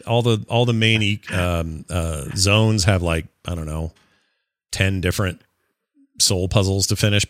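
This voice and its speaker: A man's voice: on the low side, a bit bright, no room sound. Dry-voiced enthusiastic man. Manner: enthusiastic, rambling with restarts. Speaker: podcast host reviewing a game. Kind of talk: casual chat.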